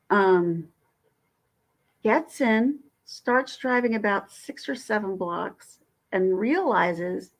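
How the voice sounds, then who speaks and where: A woman vlogger telling a story in a casual, indignant and animated way. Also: mid-range voice. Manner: indignant, animated, quick talk.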